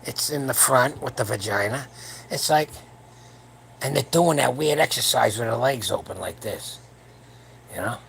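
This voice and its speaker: A man's voice: medium pitch, normal speed, vocal fry, long pauses, a bit bright, a little hiss or hum. A man in his seventies hosting a late-night livestream for his powerlifting channel, talking in a crude, rambling, joking way from home while his wife sleeps nearby. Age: 70s.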